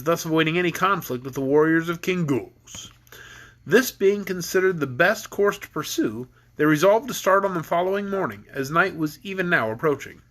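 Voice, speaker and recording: A man's voice: a little high, a bit bright. A man reading a children's book aloud to his kids, easygoing, sometimes stumbling and rereading.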